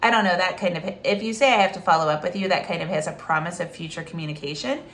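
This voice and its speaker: Speaking fast in a lowish voice, this woman is a special education advocate recounting a story. Her monologue is loose and talkative, packed with fillers and false starts, and she animatedly performs the quoted speech.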